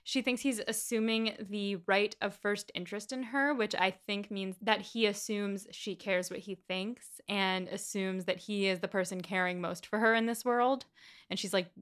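A woman co-hosting a casual book discussion, retelling scenes in a chatty, animated way. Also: medium pitch, normal speed, smooth. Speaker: podcast co-host.

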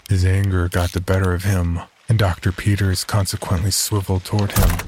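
Deep-voiced man narrating a horror story. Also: little pitch movement, a little fast, few pauses, noisy background. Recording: narration over loud music.

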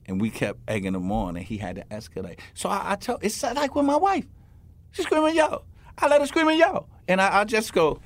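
Telling stories in an interview, a man who retired from the police plays out each scene with emphatic quoted voices for the characters. He speaks briskly in a high-sitting, sing-song voice.

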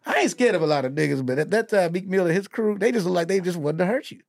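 Gravelly-voiced comic host, dry close mic, loose animated storyteller. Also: male voice, high voice, quick pace, no room sound. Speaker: podcast host and comedian. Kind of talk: casual chat.

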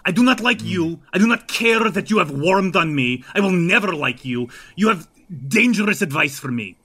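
A man's voice: sits high, expressive, normal speed, sharp tone, heavily acted. A man voicing a wounded, stubborn male vampire who talks in firm, emphatic bursts. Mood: defiant. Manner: defiant, emphatic.

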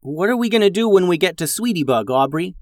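Matter-of-fact young sister, read by a man, pitched up, close and dry. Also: expressive, quick pace, no echo. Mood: defensive. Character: sensible young girl, big sister.

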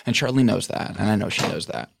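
A man with a somewhat low voice improvises a long comic anecdote on a podcast. He keeps an earnest, deadpan tone throughout, rambling from detail to detail and voicing the other people in his story. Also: fast talker, gravelly, slightly rough. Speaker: comedy podcast guest.

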